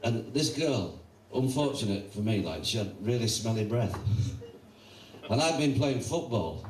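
A man's voice: medium pitch, expressive, unhurried, distant mic, a little hiss or hum. A man telling chatty stand-up stories and laughing through his punchlines. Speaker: stand-up comedian. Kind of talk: stand-up storytelling. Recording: roomy stage sound from afar.

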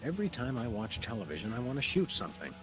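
An actor playing a dry, deadpan, formal-talking canine detective in a cartoonish video game. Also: male voice, medium pitch, fast talker, faint music behind.

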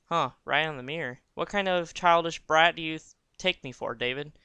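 Easygoing, teasing roommate from a game, read by a man, slightly high voice. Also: moderate pace, sharp tone, clear, resonant tone, dry recording. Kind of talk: reading game dialogue aloud.

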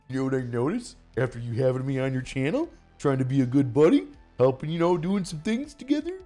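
Guy yelling fake-mad insults at his friend, super animated pitch, bit of music in the back. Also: fast talker, few pauses. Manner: loud mock-angry ranting, heavy swearing. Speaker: podcast host. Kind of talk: casual roast banter.

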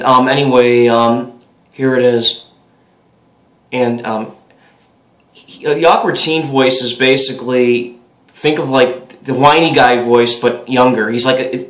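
A man's voice: mid-range voice, fairly bright tone. Guy casually introing his funny voice, lots of ums, roomy echo. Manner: hesitant, many ums. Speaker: comedy voice video maker. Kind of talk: casual presentation.

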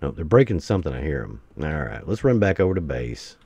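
Low gravelly gamer with wild outbursts. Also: male voice, fast talker. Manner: excitable, talks to the enemies, sudden outbursts. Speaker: gameplay streamer. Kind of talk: let's play commentary.

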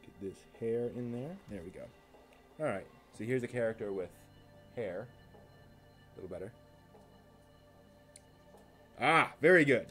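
Guy running a tabletop game on stream while painting minis, lots of ums, middle pitch, faint music behind. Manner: rambling, many ums and restarts. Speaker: game master and miniature painter.

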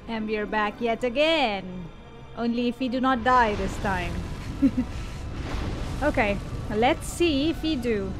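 A high-voiced woman gives unhurried commentary as she plays, chatting and laughing and talking straight to the enemy she is fighting. Game music plays clearly behind her. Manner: chatty, laughs often, talks to the boss. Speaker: gaming video host. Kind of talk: live gameplay commentary.

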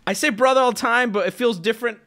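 A man streaming live, talking casually to his chat and reacting to donations, loud and excitable, often breaking into shouts. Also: very high-pitched, fast talker.

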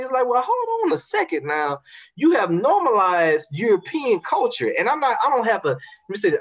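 A man's voice: high voice, slightly rough. A man from Baton Rouge with a Louisiana accent, talking passionately in a casual conversation and repeating words as he builds his points. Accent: Southern US, Louisiana. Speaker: guest.

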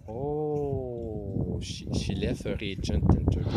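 A man with a French accent and French as his first language, doing a playful comic act with an imaginary guest, halting and full of restarts. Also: fairly low pitch, very noisy. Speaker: comedian.

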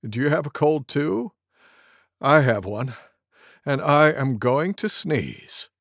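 A man's voice: on the high side, lively intonation, a bit bright, no room sound, clean studio sound, exaggerated voice. A man voicing a big, courteous male elephant with a cold in a storybook reading. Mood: polite. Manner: courteous, unhurried.

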